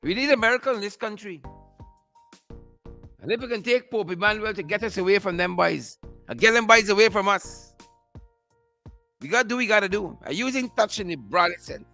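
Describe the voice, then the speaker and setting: A man's voice: high voice, expressive, brisk, vocal fry, long pauses, pushed and bright, soft background music. A man hosting a political commentary show, mocking and repeating phrases for emphasis. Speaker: show host.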